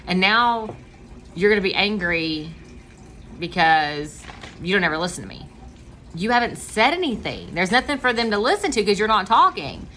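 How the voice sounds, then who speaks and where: A woman's voice: medium pitch, very animated, moderate pace, sharp tone, slight background noise. A woman giving direct, earnest advice on marriage communication in a casual talk, acting out the things people say in their heads. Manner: earnest and direct, acts out inner dialogue.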